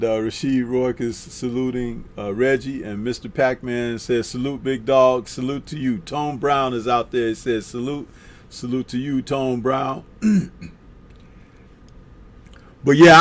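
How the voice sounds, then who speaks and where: A man hosts a live boxing talk stream in a slow, unhurried drawl. He reads out viewer comments one by one and answers them with easygoing, chuckling asides. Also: mid-range voice, darkish tone. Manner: laid-back, drawn-out, chuckling asides.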